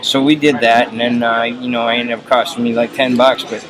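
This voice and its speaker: Man telling offhand anecdotes, rambling with lots of fillers, voice in the middle range, clear crowd noise behind. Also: mid-range voice, flat delivery, a little fast, rough recording. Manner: rambling, full of "you know" fillers. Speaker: storyteller. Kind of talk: casual anecdotes.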